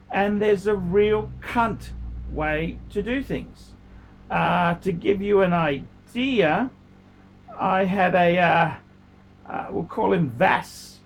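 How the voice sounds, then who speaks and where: A man's voice: high-pitched, a little hiss or hum. A man, a watch collector, ranting casually to camera with heated, profane language.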